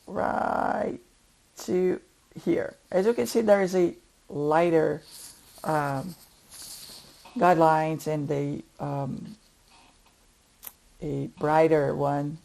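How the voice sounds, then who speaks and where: Tutorial instructor, gravelly mid-pitched voice, talks through each step aloud with eager repeated praise. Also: darkish tone. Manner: enthusiastic, repeats words for emphasis; thinks aloud while working. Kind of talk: step-by-step screen tutorial narration.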